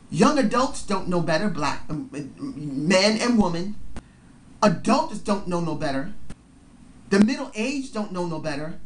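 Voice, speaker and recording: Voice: medium pitch, slight background noise. A vlogger in their forties, delivering an impassioned video rant with emphatic, preachy phrasing and free swearing.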